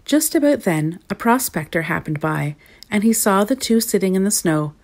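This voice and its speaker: A woman reading a children's story aloud in an expressive storybook cadence. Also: mid-range voice, normal speed.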